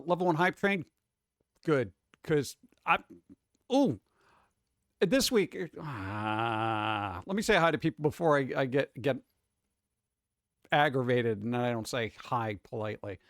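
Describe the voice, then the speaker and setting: Man, live stream host, casual rambling chat, higher-pitched, dry mic. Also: dry recording. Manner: rambling, greets chat viewers one by one.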